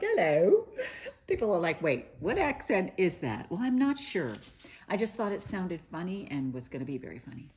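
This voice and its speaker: Middle-aged lady host, low voice, gushy rambly chat about quilting trips. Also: a little mellow. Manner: chatty and gushing, many fillers and restarts. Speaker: host of a quilting news show. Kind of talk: casual chat to camera.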